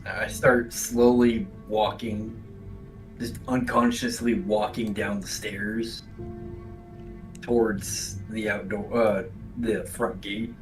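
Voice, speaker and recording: A man's voice: on the low side, level tone, slow pace, soft background music. A man playing in a tabletop game, hesitant and full of fillers, recorded on a distant mic. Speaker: player. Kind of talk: casual tabletop chat.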